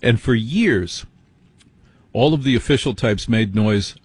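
An American man with a husky, slightly breathy voice talks through a story in a conversational, conspiratorial way. He often breaks off and restarts his sentences. The sound is dry and close, with no room around it. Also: fairly low pitch, unhurried, dry recording. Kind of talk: casual conversation.

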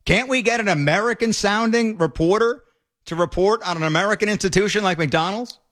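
A man hosting a talk radio show, giving emphatic, argumentative commentary with quick asides. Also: sits high, fairly bright tone.

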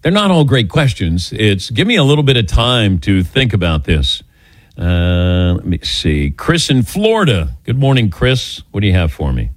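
Lively middle-aged male radio host. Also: lowish voice, moderate pace, dry recording. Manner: lively, joking, animated storytelling. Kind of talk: casual call-in radio chat. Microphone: studio microphone.

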